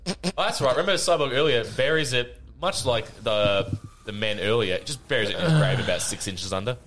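A man, recapping a film on a podcast in casual chat, lively and swearing often as he mumbles impressions of the characters. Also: medium pitch, a little fast, a little hiss or hum.

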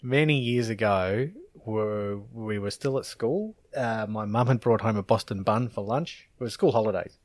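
A man's voice: on the low side, normal speed, hardly any pauses, no room sound. A man, co-hosting a podcast in casual chat and rambling through laughing anecdotes. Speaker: podcast co-host.

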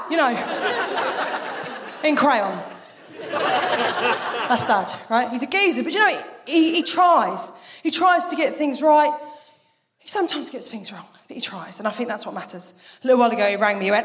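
A woman performing a live stand-up comedy set on a theatre stage, telling stories with lively voices for the people she quotes. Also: sits high, brisk, pauses often. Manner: animated storytelling with lively voices for quoted family.

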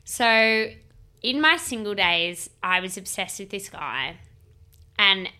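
A woman's voice: mid-range voice, lively intonation, slow, sharp tone, smooth. A woman, chatting casually and chiming in with quips. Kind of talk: casual chat.

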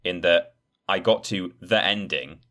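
A man's voice: sits low, a little slow, bright, forceful tone. A man co-hosting a gaming podcast in casual chat, talking in a chatty, meandering way and correcting himself as he goes. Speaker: podcast co-host.

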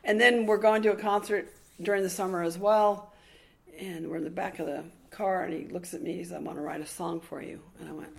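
An older woman telling stories as a podcast guest, excitable and animated, acting out the voices of the people she quotes. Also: medium pitch, brisk, creaky. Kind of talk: casual storytelling interview.

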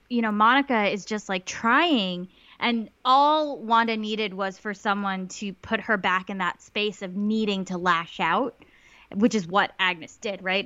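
Chatting casually on a podcast, a woman helps recap a TV episode, using lots of "like" fillers and putting on little voices when quoting lines. Her voice is medium-pitched and a bit bright, recorded lo-fi without echo.

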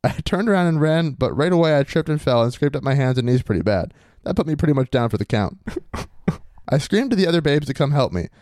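A man's voice: on the high side, animated, a little fast, a little mellow, dry recording, clean studio sound. A man hosting a podcast, reading a listener's story aloud in a swaggering, crude bro persona. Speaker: podcast host.

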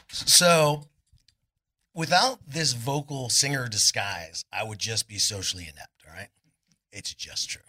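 A middle-aged man with a Californian accent, telling rambling, animated stories at a live on-stage interview in a club, bursting loudly into quoted lines. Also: mid-range voice, a little slow, a little hiss or hum. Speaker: guest, rock singer.

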